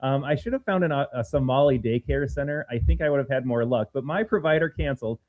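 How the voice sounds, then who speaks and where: A man co-hosting a political talk show, speaking in an animated, emphatic, sarcastic way. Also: mid-range voice, quick pace. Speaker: podcast co-host. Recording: phone-like narrow sound.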